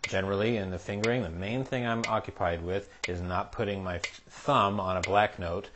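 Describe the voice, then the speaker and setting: A man's voice: deep voice, background noise. A man teaching a piano lesson, patiently explaining a jazz solo step by step and counting beats aloud. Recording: piano playing behind the voice. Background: piano playing.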